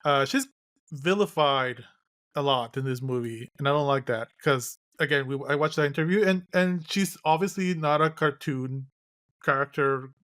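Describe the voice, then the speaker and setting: A man co-hosting a podcast, recapping a film in casual chat with a halting, wry, rambling delivery. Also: on the high side, a bit bright. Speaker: podcast co-host.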